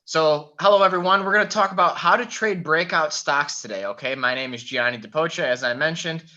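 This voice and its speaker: A man presenting a live online trading webinar in a relaxed way, with many "uh" fillers, on a computer mic over a video call. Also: on the high side, fairly quick. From Michigan. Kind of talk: casual live webinar talk. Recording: dull lo-fi call audio.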